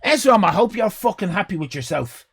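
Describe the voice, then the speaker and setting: An Irish man in his fifties, a live streamer shouting mock-outraged, swear-filled banter at his chat, his voice going hoarse. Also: sits high, sing-song, brisk. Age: 50s.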